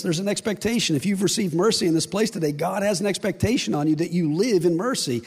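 A man pastor preaching a sermon to his church, retelling a parable with lively storytelling and playful asides. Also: high voice, quick pace, hardly any pauses, breathy edge. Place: church sanctuary. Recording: long reverb in a hall.

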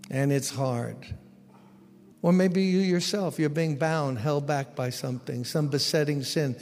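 Male pastor, exhorting sermon, gravelly, echoey sanctuary. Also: medium pitch, darkish tone. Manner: exhorting, conversational, rhetorical questions. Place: church sanctuary.

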